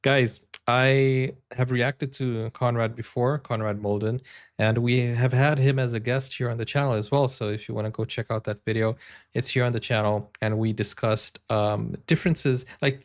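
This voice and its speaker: Dude reacting to clips, chatty, thinks out loud, mid pitch. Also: male voice, moderate pace. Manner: chatty, wondering aloud, repeats words to try them. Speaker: YouTube reaction host. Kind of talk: casual reaction commentary.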